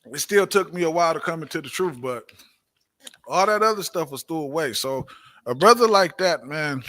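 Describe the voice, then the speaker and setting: A man leads a religious class in a preaching style, driving his points home by repeating them and tossing out rhetorical questions. His voice sits high and rings bright and forceful. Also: animated, moderate pace.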